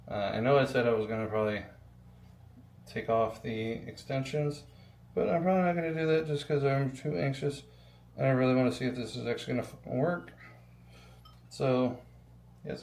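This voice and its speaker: A man's voice: mid-range voice, gravelly, a little mellow. A young adult man rambling casually while building a PC, with lots of ums and the odd swear word. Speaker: PC builder vlogger. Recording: echoey room with faint ambience.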